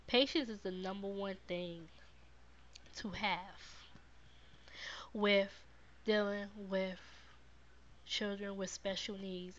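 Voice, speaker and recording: A woman's voice: mid-range voice, steady tone, takes it slowly, pauses often, lo-fi sound, slight background noise. A woman podcast host, talking casually to her live viewers, repeating words of encouragement and answering their comments. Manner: warm, repetitive encouragement, reads viewer comments.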